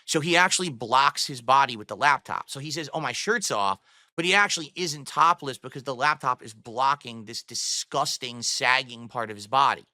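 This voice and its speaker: A man's voice: medium pitch, normal speed, hardly any pauses, sharp tone, no echo. A man streaming from his home studio, mocking and cursing at a rival while talking to his chat. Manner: mocking, profane, scornful; addresses viewers and chat directly. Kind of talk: livestream rant. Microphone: studio microphone on a boom arm.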